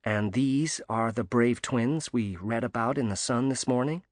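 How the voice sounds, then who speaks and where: A man's voice: mid-range voice, a little slow, no room sound, studio quality, natural voice. A man voicing a cheery, emphatic American woman diver, read in an audiobook.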